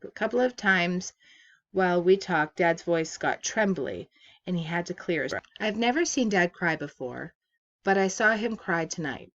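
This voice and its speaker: A woman teacher reading a novel aloud to her class from her office, with steady, expressive storytelling. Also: on the low side, normal speed, lo-fi sound.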